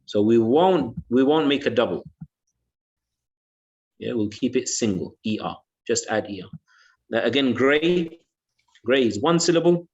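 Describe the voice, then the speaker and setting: Male English teacher, patient and repetitive, mid-pitched, dull online-class audio. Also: expressive, a little slow, long pauses, a little mellow. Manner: patient, repeats words and says "yeah" often.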